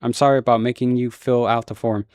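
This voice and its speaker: A man's voice: mid-range voice, flat delivery, quick pace, a little mellow, clean tone, dry recording, clean studio sound, lightly acted. A man voicing a jittery, star-struck pudgy deputy. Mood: awed, apologetic. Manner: eager, trembling, deferential.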